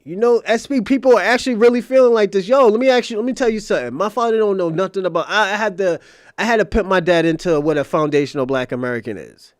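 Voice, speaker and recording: A man with a high-pitched voice hosts a casual livestream commentary. He argues emphatically, with profanity and repetition. The sound is dry and close, with no room around it. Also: fast talker, no echo. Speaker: host of a commentary channel.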